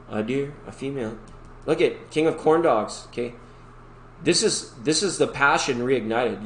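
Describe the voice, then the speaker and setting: A man's voice: mid-range voice, a bit bright. A man hosting a live tarot reading stream, talking in a rambling, upbeat, chatty way to his viewers. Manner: chatty, rambling, upbeat, breaks into sung snippets. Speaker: tarot reader and livestream host. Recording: echoey room with faint background noise.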